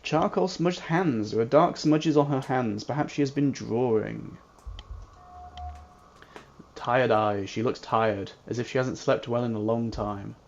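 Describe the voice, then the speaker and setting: A man's voice: medium pitch, measured pace, creaky. A man doing let's-play commentary on a mystery game, playful, reading the on-screen text aloud and humming little jingles. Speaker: gamer playing a mystery game. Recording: dull lo-fi with faint hiss.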